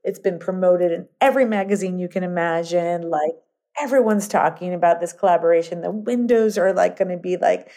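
A middle-aged woman talks through a business story in a rambling, animated way, circling back with fillers and restarts. Her voice sits a little low and sounds mellow and warm. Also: brisk. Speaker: guest entrepreneur. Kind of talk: casual interview storytelling.

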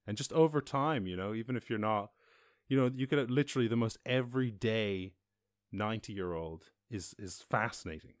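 A man's voice: fairly low pitch, fairly quick, no echo, studio quality. A man from West Cork with a West Cork Irish accent, rambling and swearing in a laid-back solo podcast monologue. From West Cork, Ireland. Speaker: podcast host.

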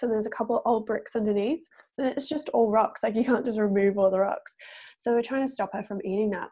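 A woman's voice: a little high, darkish tone. A woman from Australia with an Australian accent, chatting as an interview guest in a rambling, filler-heavy way. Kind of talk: casual interview chat.

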